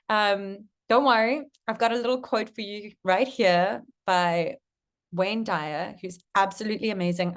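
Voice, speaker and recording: A young woman coach giving a casual masterclass to camera, chatty and swearing casually. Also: medium pitch.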